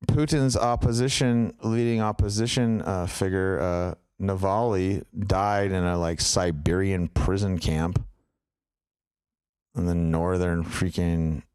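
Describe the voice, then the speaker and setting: A man's voice: sits low, steady tone, slow pace, darkish tone, clear, resonant tone, dry recording, studio quality. A man co-hosting a podcast, talking in a loose, rambling way full of fillers and tangents. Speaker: podcast co-host. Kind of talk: casual chat.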